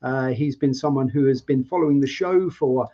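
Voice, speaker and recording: A man's voice: mid-range voice, moderate pace, warm tone. A man hosting a live interview show, asking long, rambling questions in a chatty way over a video call. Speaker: host. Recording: dull lo-fi sound.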